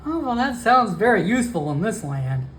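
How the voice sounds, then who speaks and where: A man's voice: high voice, big pitch swings, moderate pace, a little hiss or hum. A man voicing a wary male hobgoblin traveler who speaks hesitantly and stumbles over his words. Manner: hesitant, stammering restarts.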